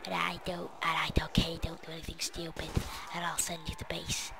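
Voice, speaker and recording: A young man voicing a gruff male army captain who threatens in a low voice that sinks into whispers. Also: monotone, brisk, very noisy. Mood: menacing. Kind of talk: gaming commentary impression.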